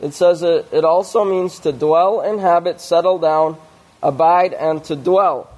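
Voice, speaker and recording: A man delivers a sermon-style scripture study at an unhurried pace. His voice sits somewhat high for a man. He reads passages aloud, then works through word meanings with small fillers and restarts. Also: darkish tone. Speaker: preacher.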